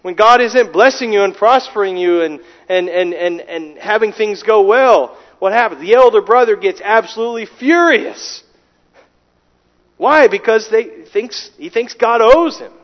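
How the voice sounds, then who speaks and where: A man preaching a sermon, emphatic, with rhetorical questions and frequent restarts. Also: high-pitched. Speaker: pastor. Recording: dull sound with long hall reverb.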